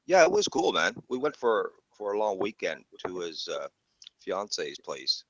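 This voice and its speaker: A man's voice: low-pitched, sing-song, a little slow, a bit bright, no room sound, lo-fi sound. A Canadian man with a Canadian accent telling a story in casual chat, laid-back, ending lines with "eh" and "man". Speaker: panelist.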